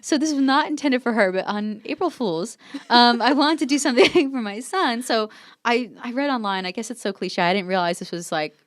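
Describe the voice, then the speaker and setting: A high-pitched woman in her thirties chatting quickly on an interview show. She tells self-deprecating stories, laughs through them and leaps up in pitch when she acts out quotes. The recording is close and dry. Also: dry recording. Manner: animated storyteller, acts out quotes with big pitch jumps. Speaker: podcast guest, mom lifestyle expert. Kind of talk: casual interview chat.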